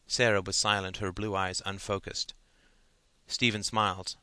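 Bright, dry-voiced male audiobook narrator. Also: low-pitched, little pitch movement, measured pace, clear, resonant tone, no echo.

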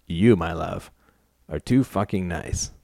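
A man voicing an excited businessman husband, talking crudely in a husky whisper. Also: low voice, takes it slowly, no room sound, studio quality, voice pushed down, exaggerated voice. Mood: teasing. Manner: crude, giddy.

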